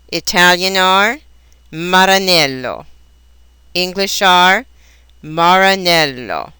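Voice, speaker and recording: Woman language teacher, measured, very clear and bright, reading a prepared lesson with careful enunciation over a dry close mic. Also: mid-range voice, no room sound. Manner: slow, careful, precise enunciation of example words. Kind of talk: scripted lesson narration.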